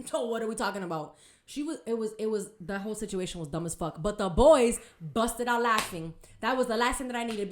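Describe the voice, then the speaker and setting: A young woman tells a story on a casual podcast. Her voice sits a little high, and she swings into loud acted quotes, then drops to low, muttered asides. She swears freely and talks in slang. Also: reverberant. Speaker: podcast host.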